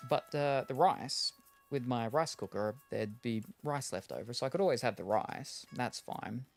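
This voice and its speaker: A man's voice: medium pitch, moderate pace, gravelly, faint music behind. A man streaming a game, chatting casually and thinking aloud, with lots of fillers and restarts. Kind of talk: casual chat while gaming.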